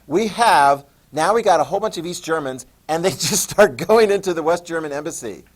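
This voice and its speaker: Guy teaching history class, tells it like a story, repeats the key stuff so you write it down. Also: a little high. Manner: animated storytelling, acts out leaders in quick voices; repeats key terms for note-taking. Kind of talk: classroom lecture.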